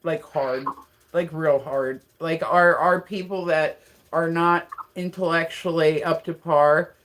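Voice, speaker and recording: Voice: medium pitch, fairly even intonation, takes it slowly, a bit bright, a little hiss or hum. A livestream host in casual chat, rambling with lots of fillers and frequent laughter.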